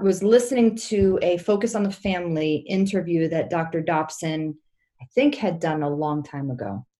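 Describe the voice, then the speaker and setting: A woman, a pastor's wife, telling a personal story as a podcast guest in an earnest, heartfelt way. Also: lowish voice. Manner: earnest, heartfelt, many restarts.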